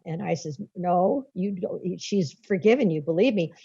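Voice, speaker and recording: A woman's voice: lowish voice, moderate pace, creaky, warm tone, husky, no room sound. Folksy woman telling a long story. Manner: folksy, rambling, laughs often while telling. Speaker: guest author. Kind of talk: conversational storytelling. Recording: dull lo-fi dry recording.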